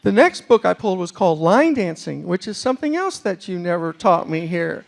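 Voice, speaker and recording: A middle-aged man from New York City telling a humorous story as a speaker in a university lecture hall, with animated comic delivery and asides to the audience. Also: high voice, fairly quick, creaky.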